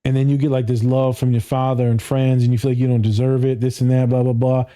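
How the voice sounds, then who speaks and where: This therapist in his thirties talks fast on a podcast, his mid-range voice warm but flat in delivery. The conversation is casual and he's blunt and foul-mouthed, laughing a lot and doing voices whenever he quotes someone.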